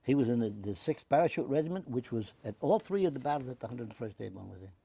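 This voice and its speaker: A man's voice: medium pitch, fast talker, gravelly, husky. Older American man telling a war story. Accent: New York. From United States. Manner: animated, acts out voices in quotes. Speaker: veteran interviewee. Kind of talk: oral history storytelling.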